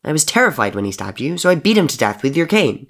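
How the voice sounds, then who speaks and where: Guy putting on a big cowardly man, whiny and screechy, pushed up high. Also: big pitch swings, quick pace, fairly bright tone, heavily acted. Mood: confessing.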